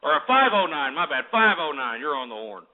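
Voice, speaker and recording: A man hosting a call-in radio show, ranting and berating his callers. His voice sits high and he swings from shouting to muttering. The sound is thin and phone-like, like cheap internet radio. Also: sing-song, brisk. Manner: loud, insulting, ranting. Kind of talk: abrasive call-in radio talk.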